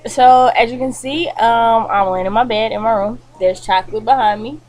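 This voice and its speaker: A woman's voice: on the high side, normal speed, low-quality recording. Chatty young woman vlogging from bed. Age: young adult. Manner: chatty, animated, frequent fillers like um and like. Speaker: college student vlogger. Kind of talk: casual chat to camera. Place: bedroom, indoors.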